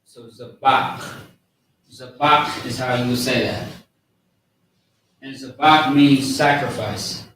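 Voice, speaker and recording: A man giving a casual, slangy lesson on words, spelling them out slowly. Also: mid-range voice, steady tone, a bit bright. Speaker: teacher of a language class. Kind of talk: informal lesson with a live chat. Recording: echoey room, far from mic, faint noise.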